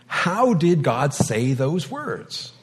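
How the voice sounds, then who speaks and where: Slow, deliberate male preacher. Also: on the high side, big pitch swings. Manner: deliberate, with light wry humor. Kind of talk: sermon.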